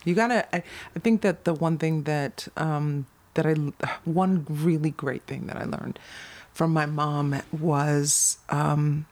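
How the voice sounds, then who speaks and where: A woman's voice: low voice, steady tone, slow, darkish tone. A woman in her fifties, a guest author, talking casually and chattily in a podcast interview. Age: 50s.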